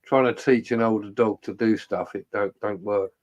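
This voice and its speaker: A man's voice: fairly low pitch, fairly even intonation, moderate pace, highs cut off. A man chatting casually, rambling with many restarts. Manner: rambling, hesitant, with repeated restarts. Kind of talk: casual chat.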